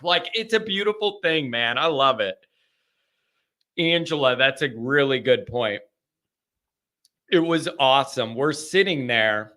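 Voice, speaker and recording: Animated and rambling, this sports call-in stream host speaks at a measured pace, repeating himself as he circles back to the same phrases. His voice is a little high, bright and forceful.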